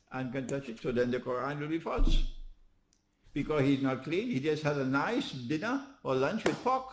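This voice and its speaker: Man lecturing with rhetorical questions. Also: on the high side. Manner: rhetorical questions with frequent "huh?"; chuckles at his own points. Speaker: Islamic lecturer. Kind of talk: religious lecture.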